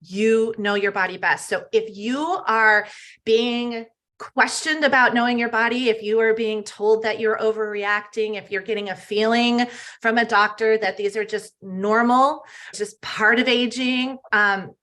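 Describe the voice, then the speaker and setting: A woman health coach talking as a podcast guest, emphatic and animated, often tagging her points with "right?". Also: a little high, unhurried. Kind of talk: casual podcast interview.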